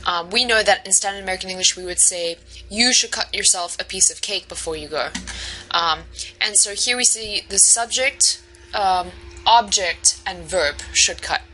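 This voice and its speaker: A woman's voice: medium pitch, normal speed, pushed and bright, a little hiss or hum, rough recording. A woman instructor giving a recorded online lecture, explaining step by step with frequent ums and restarts. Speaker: university instructor.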